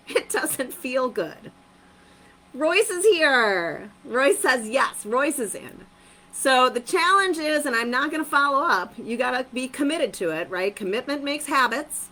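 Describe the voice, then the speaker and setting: Upbeat woman host of a motivational stream, bright lively voice, emphatic repeats. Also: high voice, measured pace, low-quality recording. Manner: upbeat, emphatic, repeats phrases, laughs often. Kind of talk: live-streamed motivational talk.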